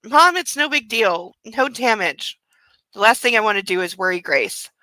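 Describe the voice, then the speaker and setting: A woman reading the lines of a controlling young husband in a low, quiet, measured voice. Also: animated, dry recording, low-quality recording. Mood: dismissive. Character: controlling wealthy young husband, smooth and possessive.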